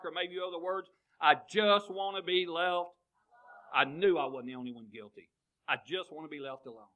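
A man's voice: high voice, pushed and bright, low-quality recording. A man, preaching a sermon and asking the congregation one question after another. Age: 50s. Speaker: pastor.

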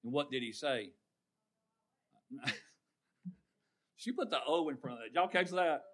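A man preaching a sermon, drawing call-and-response from his congregation and swinging from loud to hushed. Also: on the high side, animated, a little slow.

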